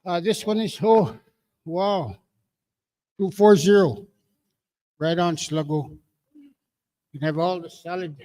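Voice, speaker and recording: A man emceeing a community meeting, calling out draw numbers slowly with jokes. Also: fairly high pitch, darkish tone. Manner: jokey, drawn-out number calling.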